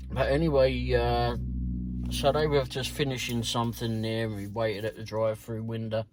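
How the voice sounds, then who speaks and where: A man's voice: mid-range voice, slight background noise. A middle-aged British man recounting his delivery shifts in a rambling, casual way, swearing freely and chuckling. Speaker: delivery driver vlogger. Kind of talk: casual storytelling vlog.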